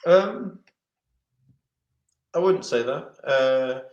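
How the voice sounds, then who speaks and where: A man's voice: mid-range voice, lively intonation, extremely slow, darkish tone, dull audio. A middle-aged man, a former footballer, rambling through anecdotes in an interview with many restarts. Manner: rambling storyteller, many restarts and acted quotes. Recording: roomy echo.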